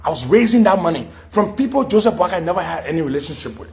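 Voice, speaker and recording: A middle-aged man holds the mic as a radio host, telling a story in a high voice. His pitch leaps all over as he acts out what each person said. He keeps swinging between his own telling and the voices he puts on. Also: fast talker, vocal fry. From Liberia. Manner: animated, acts out quoted dialogue in shifting voices. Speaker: radio talk show host. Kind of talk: storytelling monologue.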